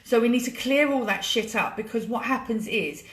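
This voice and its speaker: A woman's voice: fairly high pitch, animated, normal speed, fairly bright tone. A British woman coaching her group on a live stream, chatty, emotional and swearing freely. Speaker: money coach hosting a live challenge. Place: home room with a laptop. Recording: echoey room.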